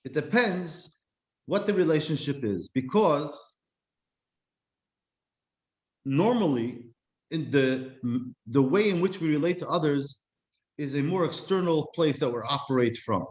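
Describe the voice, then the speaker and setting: Brief: a reflective male teacher giving a class, slightly high voice, roomy echo. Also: expressive. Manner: reflective, slows to stress key words. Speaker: Jewish teacher. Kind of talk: explanatory class talk.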